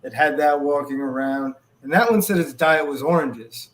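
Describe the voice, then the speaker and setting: A man in a casual podcast chat who talks in detail, dropping Latin species names along the way. His voice sits slightly high for a man. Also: moderate pace. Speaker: podcast co-host.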